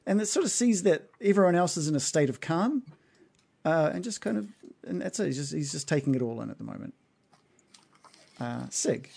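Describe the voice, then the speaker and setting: A man's voice: fairly high pitch, lively intonation, a little fast, gravelly, pauses often, darkish tone, breathy edge. A man narrating a tabletop fantasy game as game master, rambling with lots of fillers.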